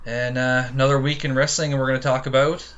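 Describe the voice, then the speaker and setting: A man with a Newfoundland accent hosting a casual podcast, easygoing and quick to laugh. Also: medium pitch, level tone, fairly bright tone, smooth. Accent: Newfoundland English. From Newfoundland, Canada. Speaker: podcast host. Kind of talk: casual wrestling podcast chat. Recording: slightly dull audio with faint hiss.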